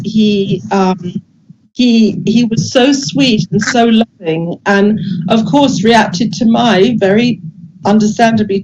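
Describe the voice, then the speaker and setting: An older woman who grew up in England, gently recounting memories in a casual, hesitant way with many restarts, over a video call. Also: medium pitch, muffled recording, background noise. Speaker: guest speaker sharing memories.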